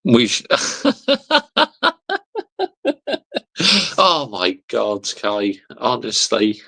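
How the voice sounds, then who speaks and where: Young male streamer, slang-heavy, laughing, gravelly, unhurried delivery. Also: fairly low pitch, lively intonation, bright, forceful tone. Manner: laughs often, reads viewer comments aloud and replies with slang. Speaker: football livestream host reading chat. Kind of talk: casual livestream chat.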